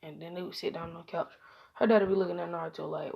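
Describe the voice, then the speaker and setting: A woman's voice: lowish voice, steady tone, fast, creaky, breathy edge, highs cut off. A woman casually telling an improvised fan story, rambling and correcting herself as she goes. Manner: rambling, self-correcting, slangy.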